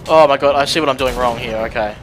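A young man giving casual, excitable let's-play commentary, thinking aloud and swearing at the game. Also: medium pitch, quick pace, a little hiss or hum.

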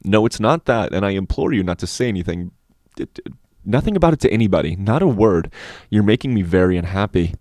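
A man's voice: animated, quick pace, darkish tone, no echo, natural voice. A man voicing a frightened young schoolboy who pleads and stammers. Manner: pleading, stammering, high-strung.

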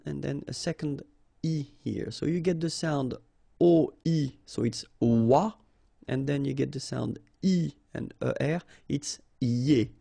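A man's voice: fairly high pitch, creaky, dark tone, slightly rough, no room sound. A man with a French accent teaching French vocabulary, patiently spelling out sounds and repeating each word.

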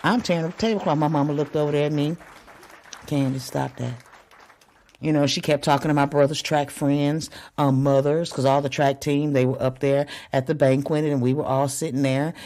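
A woman hosting a podcast, talking bluntly in a casual, profane monologue that swings between loud and hushed. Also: deep voice, steady tone, fairly quick, hardly any pauses. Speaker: podcast host.

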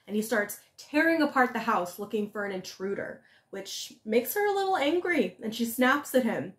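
A woman retelling a fairy tale in a casual, lively, conversational way as a storyteller. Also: a little high, moderate pace, few pauses. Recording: echoey room.

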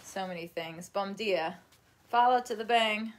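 A woman's voice: medium pitch, unhurried. A woman chatting casually on a live stream at home, rambling from topic to topic, laughing often and talking to her dog. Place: at home while folding laundry.

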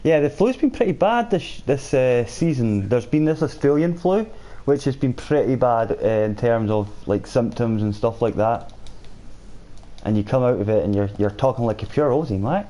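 This man live-streams a shooter game, keeping up a chatty conversation and reading viewer comments aloud as he plays, then responding to them. He has a mid-range, warm voice, speaks at a normal speed, and sounds expressive.

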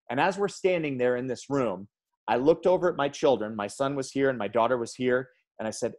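A man speaking to teachers in a training talk, an emphatic and energetic storyteller who calls his audience "guys". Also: medium pitch. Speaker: education speaker.

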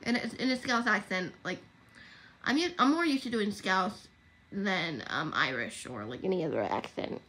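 A woman's voice: mid-range voice, lively intonation, normal speed, a bit bright. A young woman chatting casually on her livestream, rambling and correcting herself as she goes. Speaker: livestream host.

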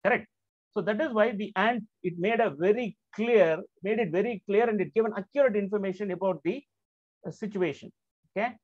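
Male Quran teacher, high voice, explanatory lecture style with frequent check-ins, dull lo-fi sound. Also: brisk, no room sound. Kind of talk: religious lecture. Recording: slightly dull, dry lo-fi recording.

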